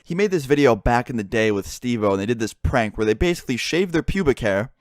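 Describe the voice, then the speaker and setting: Speaking quickly in a mid-range voice, a young man recounts a story laced with swearing, performing his friends' lines as he goes. The studio-quality recording has no echo.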